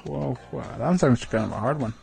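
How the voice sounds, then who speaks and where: A man casually teaching words of the day, slowly sounding out each word and repeating it several times. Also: mid-range voice, creaky, darkish tone, soft background music. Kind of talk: casual vlog word lesson.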